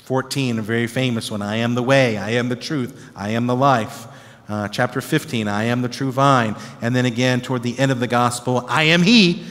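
A man teaching the Bible as a pastor, animated and conversational, often checking in with his listeners. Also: mid-range voice, normal speed. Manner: animated, conversational, acts out disciples' reactions with tag questions. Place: church. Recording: long reverb of a church hall.

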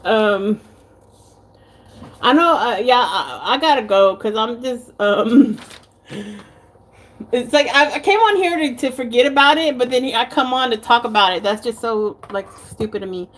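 A woman's voice: on the high side, lively intonation, unhurried, fairly bright tone. A woman with a Texan accent chatting casually in a home cooking vlog, rambling and giggling, cursing now and then. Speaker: vlogger. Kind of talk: casual chat. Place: home kitchen.

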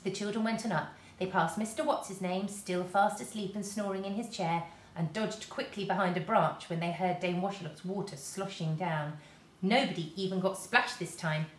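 A woman, a teacher, reading a children's storybook aloud to her class in a lively, expressive way. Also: lowish voice, moderate pace, slight background noise. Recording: roomy echo.

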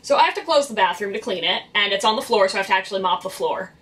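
A woman's voice: mid-range voice, animated, rapid-fire, a bit bright, distant mic. A young woman, a vlogger who works in public cleaning, venting about her job in a blunt, exasperated and profane way. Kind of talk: venting storytime vlog.

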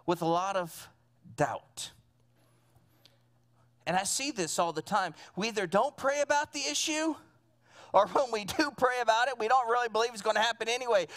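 A man's voice: high voice, fairly bright tone. A man preaching a sermon as pastor to his church congregation, earnest and at times building to emphatic fervor. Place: church sanctuary.

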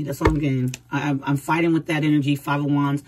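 A woman's voice: low-pitched, flat delivery, fast talker, darkish tone, a little hiss or hum, low-quality recording. A woman giving a casual tarot reading, chatty and speaking straight to the viewer with frequent laughs. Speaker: tarot reader.

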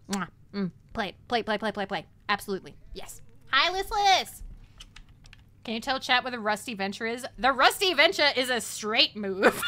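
Giggling often, the young Australian gamer chats playfully with her livestream audience. Her voice is on the high side, bright and forceful.

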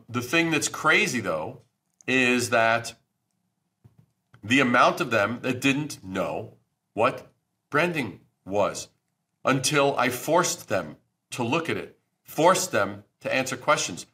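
Brief: middle-aged male guest, bright forceful tone, blunt and profane, hammers his points. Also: medium pitch, expressive, slow. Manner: blunt and emphatic, swears freely. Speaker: branding expert guest. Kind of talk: podcast interview.

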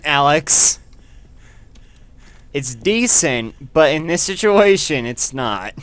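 A man giving casual commentary over his own gameplay, chatty and quick to exclaim when things go wrong. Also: a little high, expressive, fairly bright tone, no room sound. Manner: chatty, easily frustrated, exclaims at setbacks.

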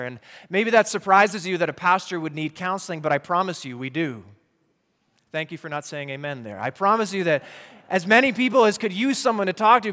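Pastor guy preaching, kinda high voice, earnest, lots of questions to the crowd, big church echo. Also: bright, forceful tone. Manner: earnest, rhetorical questions to the congregation. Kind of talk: sermon. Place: church sanctuary.

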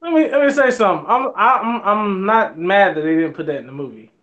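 A man co-hosting a casual film review chat, excitable and stumbling over repeated words. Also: high voice, fairly quick, highs cut off.

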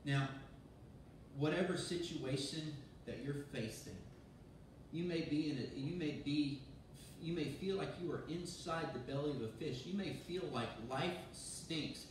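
A man, a pastor, giving a sermon in a lively, conversational way, often restarting his sentences. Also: fairly high pitch, a little slow, a little hiss or hum. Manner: animated, conversational preaching with restarts. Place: church sanctuary. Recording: very echoey church from far off.

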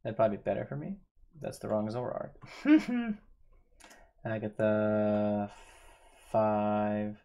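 A man's voice: lowish voice, level tone, normal speed, gravelly, clean tone, highs cut off. A man giving casual gameplay commentary, thinking aloud, repeating himself and talking to his game characters. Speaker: gaming YouTuber.

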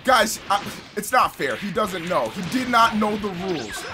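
A young man giving loud, trash-talking commentary over his own online matches, shouting at opponents and explaining his character build. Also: high-pitched, very animated, normal speed, music in the background. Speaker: gaming YouTuber. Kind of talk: hyped gameplay commentary.

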